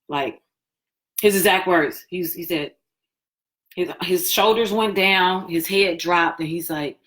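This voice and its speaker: A woman hosting a live stream, telling her personal story in a chatty, animated way and acting out what people said. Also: lowish voice, measured pace, long pauses. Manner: chatty, animated, acts out quoted talk.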